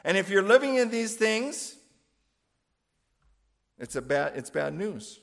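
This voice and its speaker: A man's voice: high voice, big pitch swings, takes it slowly, creaky, fairly bright tone. A man preaching a sermon in a conversational way, often checking in with "right?" and "you know". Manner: conversational, with frequent fillers and "right?" asides.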